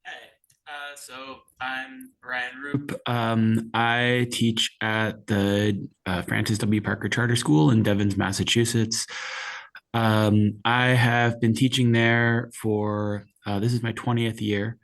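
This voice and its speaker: A man in his forties, a high school teacher, introducing himself haltingly on a video call. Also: flat delivery. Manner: halting, many fillers.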